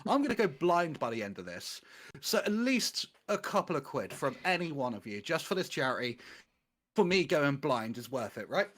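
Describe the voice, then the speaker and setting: A man's voice: a little high, very animated, moderate pace, a bit bright. A man on a charity stream, joking at his own expense. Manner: self-mocking, joking. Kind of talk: casual stream chat.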